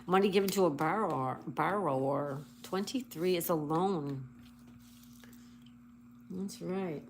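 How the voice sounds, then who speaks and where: A woman hosting a casual livestream, reading viewer comments and slowly spelling out crossword answers letter by letter. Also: on the low side, creaky, a little hiss or hum. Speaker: livestream host.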